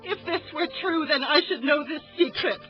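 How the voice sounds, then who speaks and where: A woman's voice: sits high, moderate pace, close to an everyday voice. A woman playing a noble Roman wife in a Shakespeare audio drama, delivering verse earnestly and with passion. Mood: pleading. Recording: dull lo-fi audio under music.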